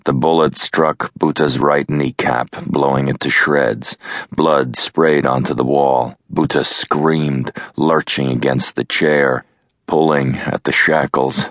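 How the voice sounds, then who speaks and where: A man narrates an audiobook in a measured, grave manner. His voice is extremely deep and gravelly, the pace slow, in a dry recording. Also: fairly even intonation, a bit bright, no room sound. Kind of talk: scripted narration.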